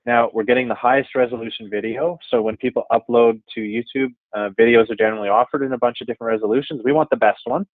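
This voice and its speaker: A man presenting a live software demo webinar, walking through code in a casual, upbeat, chatty way. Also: mid-range voice, no room sound, narrow, tinny audio. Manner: casual, upbeat, chatty with frequent "all right" and "okay, cool".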